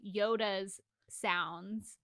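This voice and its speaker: A woman's voice: medium pitch, steady tone, drawn-out words, fairly bright tone, no room sound, studio quality. A woman co-hosting a podcast in casual recap chat, candid and blunt, swearing now and then. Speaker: podcast co-host.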